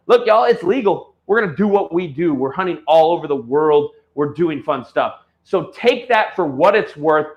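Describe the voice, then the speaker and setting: Blunt high-voiced man ranting. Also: moderate pace, highs cut off. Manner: blunt, animated, swears freely. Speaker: host of an online auction show. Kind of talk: ranting casual talk to viewers.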